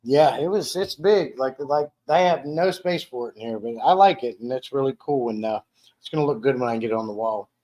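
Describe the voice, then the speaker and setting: A man's voice: mid-range voice, fairly quick, a little mellow. Rambling male live stream host. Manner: rambling, with frequent restarts and repeated words; reads viewer comments aloud. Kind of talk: casual live stream chat. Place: dining room at home.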